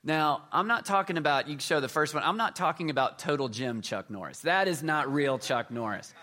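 A middle-aged man preaching a sermon, telling jokey stories and swinging between loud emphasis and quiet asides. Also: a little high, animated, fairly quick. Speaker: pastor.

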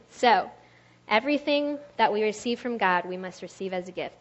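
A woman's voice: medium pitch, a bit bright, muffled recording. Chatty woman giving a casual sermon. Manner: chatty, laughs often, uses "like" a lot. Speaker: speaker at a church youth talk.

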